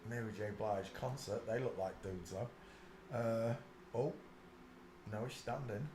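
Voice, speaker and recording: A man's voice: fairly low pitch, takes it slowly. A man hosting a casual live stream, mocking what he sees on screen and mumbling to himself as he searches. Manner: mocking, laughs a lot, mutters to himself. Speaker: channel host. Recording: roomy echo with faint background noise.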